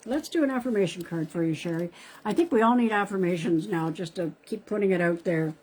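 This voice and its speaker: A psychic medium from Canada talks briskly in a lowish, darkish voice while giving card readings on a live stream, chatty and greeting viewers by name. The audio from her live-stream device mic is poor, with slight background noise.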